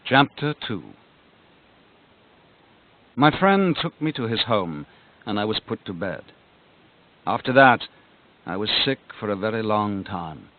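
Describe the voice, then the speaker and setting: A man narrating a storybook on cassette, dramatic, sinking to a hush at the quiet moments. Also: fairly low pitch, sing-song, slow, long pauses. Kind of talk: cassette audiobook reading. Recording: tinny lo-fi cassette with music.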